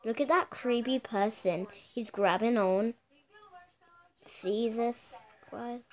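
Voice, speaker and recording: A chatty woman vlogger with a slightly high voice, reacting to clips in casual commentary. She exclaims freely and keeps turning to her viewers to point things out. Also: takes it slowly.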